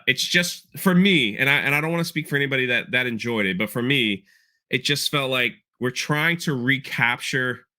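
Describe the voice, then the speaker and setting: Here a podcast host talks through a show episode in a bright, forceful, mid-range voice. His casual chat rambles and circles back on repeated words, and he quotes lines with feeling.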